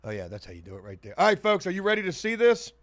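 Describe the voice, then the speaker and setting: A man hosting a casual livestream, reading viewer comments and joking around, swinging between loud hype and muttered asides. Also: sits high, huge pitch swings, rapid-fire, dry recording. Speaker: livestream host.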